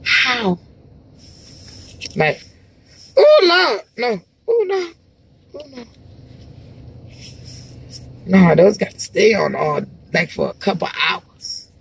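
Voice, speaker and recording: A woman's voice: medium pitch, very animated, takes it slowly, vocal fry, long pauses, a little hiss or hum, rough recording. A woman vlogging from her car as she drives, chatting in a rambling, exclamatory way with sighs. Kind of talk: casual chat to camera while driving. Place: car, driving.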